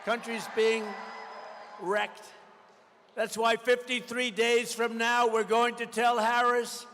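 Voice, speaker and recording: A man giving a campaign rally speech, combative and repetitive, hammering slogans with bursts of shouting. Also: extremely high pitch, level tone, takes it slowly. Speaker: political candidate at a rally. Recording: long reverb of a large rally venue.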